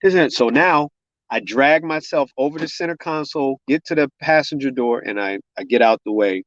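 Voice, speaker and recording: A man recounts a harrowing personal story in a casual, vivid way, often acting out what other people said. His voice sits in a middle pitch, and the dry, close sound is a bit dull and lo-fi. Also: moderate pace, dry recording. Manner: uses casual spoken grammar. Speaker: guest, gun violence survivor.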